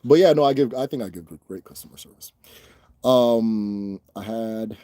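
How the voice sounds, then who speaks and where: A man's voice: on the low side, warm tone, no room sound. Loose, profane young man chatting. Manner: loose, profane, laughing, mimics voices. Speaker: host answering viewer questions. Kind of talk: casual Q&A chat.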